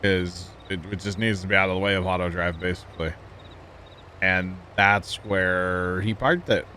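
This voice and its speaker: This livestreamer is a laid-back man chatting easily with viewers and fellow players over live gameplay. His fairly low voice is steady, pushed, and bright at a normal speed, and a faint hiss runs beneath it.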